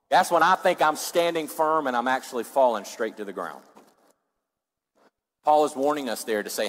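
A man's voice: animated, normal speed. Preaching man in an echoing hall. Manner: preaches with wide swings, loud rising passages then dropping low and quiet. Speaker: pastor. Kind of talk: sermon. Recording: long reverb of a large hall.

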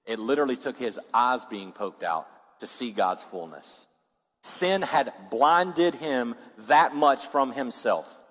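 A man preaching a sermon as pastor, swinging from loud rising passages down to low, quiet ones. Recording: long reverb of a large hall.

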